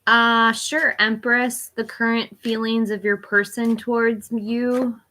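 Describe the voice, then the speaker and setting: Woman, 40s, live tarot reader, bright tone, voice going hoarse, clipped card-by-card delivery. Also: on the high side, level tone, takes it slowly. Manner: reads card meanings in short listed phrases. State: losing her voice. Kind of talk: live-stream tarot reading.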